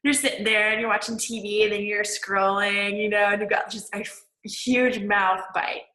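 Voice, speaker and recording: Chatty lady coach lecturing casually, bright tone, roomy echo around her. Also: mid-range voice, steady tone, moderate pace. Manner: chatty, peppered with "like" and laughs. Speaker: manifesting coach.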